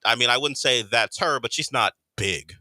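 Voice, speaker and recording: A man's voice: mid-range voice, moderate pace, sharp tone, no room sound. A man on a sports talk radio show setting up a segment and explaining it. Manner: storytelling, sets up segments. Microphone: studio microphone.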